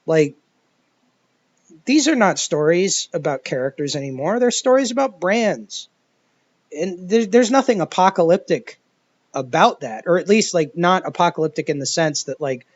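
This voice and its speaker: A man's voice: on the high side, dry recording. A man giving a profane, rambling commentary rant, exasperated and full of restarts. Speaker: video commentator. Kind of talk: ranting commentary monologue. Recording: dull lo-fi dry recording.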